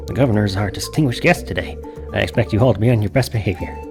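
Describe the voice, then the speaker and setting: A man's voice: fairly low pitch, very fast, gravelly, faint music behind. A man voicing a fussy older village mayor from a farming game, announcing things in an officious, ceremonial way.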